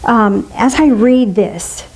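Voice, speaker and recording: A woman's voice: on the high side, takes it slowly, breathy edge, rough recording. Chatty woman giving a casual sermon. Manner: warm, chatty and playful, with soft gushing voices when imitating. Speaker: minister leading a spiritual fellowship.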